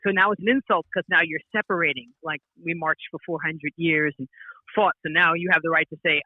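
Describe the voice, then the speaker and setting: A woman's voice: low-pitched, a little fast, no room sound. A woman comedian chatting as a podcast guest, telling stories with many restarts. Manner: rambling, animated storytelling with frequent restarts and laughs. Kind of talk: casual podcast chat. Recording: tinny phone-like line, dry.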